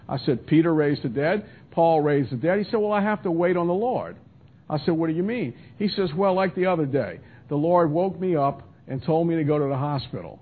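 A man with a slightly high voice teaches briskly through a Bible passage verse by verse, conversational and full of restarts and asides. It's a radio broadcast with a tinny, phone-line sound.

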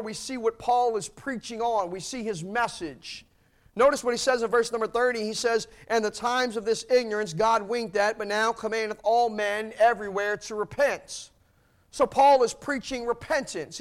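A man preaching a sermon, reading old-style scripture aloud and driving points home with emphatic repetition. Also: very high-pitched.

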